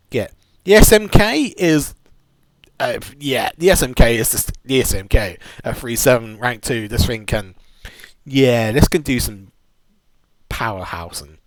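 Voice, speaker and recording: A man's voice: medium pitch, no echo. A man giving a casual, rambling game buying guide, full of restarts and enthusiastic asides. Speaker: gaming video host.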